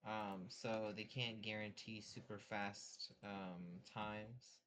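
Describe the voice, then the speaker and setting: A man trades casual podcast banter in a lowish, even voice, needling his co-host with dry, deadpan teasing. A faint noise sits under the recording. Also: slow.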